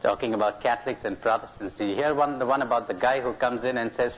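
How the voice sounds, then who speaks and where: This middle-aged man talks fast at a medium pitch, his intonation fairly even and his pauses rare. Addressing a spiritual conference live, he quizzes the audience and cracks jokes. It was captured on a dull, lo-fi cassette.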